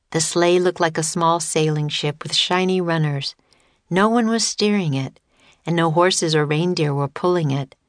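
A woman narrating a children's story audiobook in a clear, steady way. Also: on the low side, no echo, studio quality.

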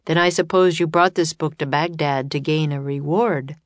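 A woman voicing a man of the court, described as deep and gruff, in a storybook reading. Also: fairly even intonation, normal speed, no room sound, close to an everyday voice. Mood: probing.

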